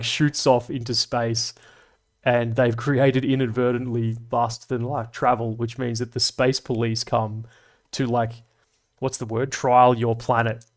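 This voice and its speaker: A man hosting a livestream, chatting casually and reading out comments, rambling, swearing and laughing often. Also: mid-range voice. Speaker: livestream host.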